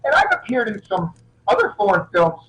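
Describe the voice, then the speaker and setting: A middle-aged man, an action film actor as a guest, telling animated anecdotes in a casual interview and often restarting his sentences. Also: high-pitched, a little fast, slight background noise, low-quality recording.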